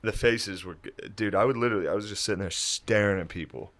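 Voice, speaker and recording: A man's voice: lowish voice, fast talker, fairly bright tone. A man hosting a podcast in casual chat, teasing his co-host, laughing often and slipping into acted quotes.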